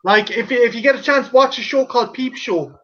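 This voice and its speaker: A man's voice: extremely high pitch, fairly quick, fairly bright tone. A man hosting a casual chat who swears freely, laughs and acts out comedy scenes. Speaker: podcast host. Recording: dull lo-fi audio.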